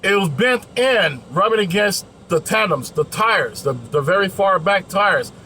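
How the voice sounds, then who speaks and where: A man's voice: sits high, lively intonation, measured pace, pushed and bright, breathy edge, low-quality recording. A man who drives trucks tells a story in a casual vlog, acting out the other people's lines in raised voices and swearing freely.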